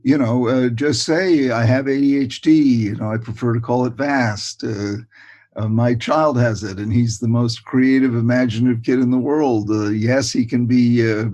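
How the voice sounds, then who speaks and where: Older guy chatting as an expert guest, animated, keeps saying you know. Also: mid-range voice, moderate pace, highs cut off. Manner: warm, enthusiastic, repeats words and says "you know" a lot. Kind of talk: casual interview chat.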